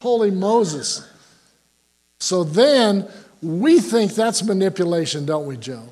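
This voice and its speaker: An older male pastor preaches in a folksy, joking way, tossing questions out to his congregation. His voice sits fairly high for a man. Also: animated, slow, darkish tone. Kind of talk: sermon.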